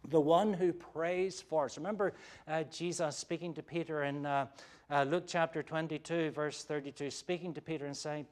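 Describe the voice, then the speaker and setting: A pastor with a somewhat raised pitch delivers a sermon to his church. He speaks earnestly and tenderly, often pleading. His talk is full of "uh" fillers and quick restarts. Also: fairly even intonation.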